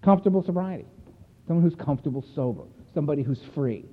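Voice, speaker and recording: A man addresses a recovery meeting, telling his story in a blunt, earthy, emphatic way. His voice sits a little high for a man. It rings through a reverberant hall and comes across thin and phone-like. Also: animated, fast, slightly rough. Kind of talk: personal recovery talk to a meeting. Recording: echoey hall over a tinny phone-like line.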